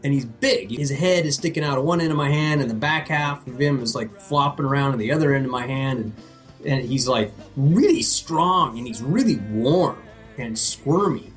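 A man co-hosting a podcast, telling a story in a casual, comedic way, animated and profane, laughing at himself. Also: medium pitch, moderate pace, soft background music. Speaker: podcast co-host.

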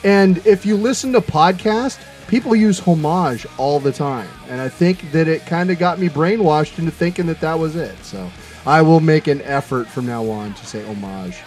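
A man's voice: fairly high pitch, lively intonation, moderate pace, a little mellow, soft background music. A man co-hosting a podcast, joking crudely and laughing often. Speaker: podcast co-host. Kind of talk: casual crude banter.

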